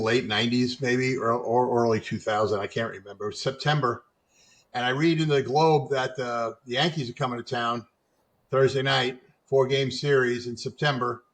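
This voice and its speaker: A middle-aged man, a guest attorney, talking in a measured, halting way with frequent pauses and fillers as he is interviewed. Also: medium pitch, fairly bright tone. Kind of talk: conversational interview.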